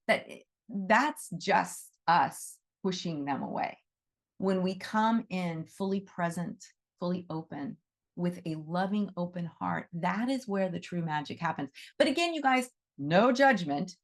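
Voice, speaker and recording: A woman's voice: lowish voice, a little slow. A middle-aged woman giving a casual teaching talk to a class on animal Reiki. She is conversational and often checks in with "right?".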